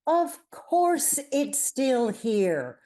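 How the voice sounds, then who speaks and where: A woman's voice: high voice, very animated, extremely slow, warm tone, heavily acted. A woman reading the part of an eighty-year-old female museum volunteer, flustered and stammering, in a virtual table read. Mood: grumbling. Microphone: video call.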